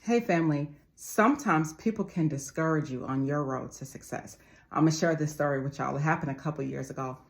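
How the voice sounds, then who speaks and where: A woman in her forties speaks in a low, deep register. She delivers a motivational talk with emphatic repetition and keeps addressing her listeners as family. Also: fairly quick, vocal fry. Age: 40s. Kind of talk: motivational monologue.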